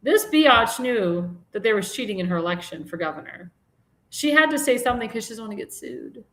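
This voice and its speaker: In an echoey room, a woman with a medium-pitched and fairly bright tone hosts a live-stream talk show. She keeps the conversation casual and meandering, often laughing at her own jokes.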